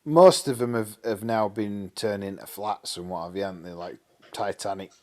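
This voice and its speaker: A man's voice: fairly low pitch, moderate pace, a little mellow. A man, co-hosting a casual chat and reminiscing with frequent laughs and tag questions. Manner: chatty, laughs a lot, asks for agreement with tag questions. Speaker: podcast co-host.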